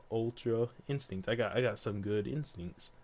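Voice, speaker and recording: A man's voice: on the low side, measured pace, a little mellow. A man voicing a nerdy, eager young male hero in a casual way while retelling a story. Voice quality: casual, laid-back delivery.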